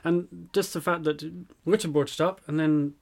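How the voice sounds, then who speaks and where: A man's voice: on the high side, steady tone, moderate pace, a little mellow. A man co-hosting a casual news podcast, chatty, with lots of fillers and restarts and a dry sense of humour. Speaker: podcast co-host.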